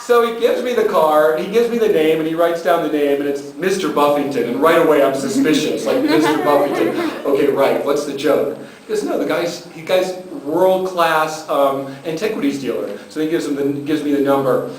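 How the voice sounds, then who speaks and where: A man's voice: on the high side, fairly quick. A man from California telling a comic story to a live audience as a panel speaker, acting out the dialogue in put-on voices. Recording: echoey hall from far off with faint noise.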